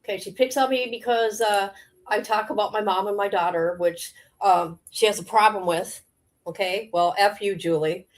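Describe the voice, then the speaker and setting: Woman streamer ranting live, confrontational, rambly, lots of ums, normal mid pitch. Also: fairly even intonation, moderate pace. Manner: confrontational, rambling, with frequent fillers.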